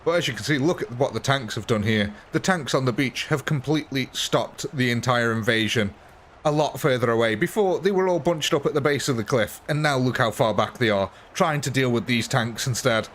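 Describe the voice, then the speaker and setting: A man talks through a battle game on a live stream, chatty and amused. His voice sits at an ordinary middle pitch, with faint ambience behind him. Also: brisk, a bit bright, a little hiss or hum. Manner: chatty, amused, thanks viewers and answers chat. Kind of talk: live gameplay commentary.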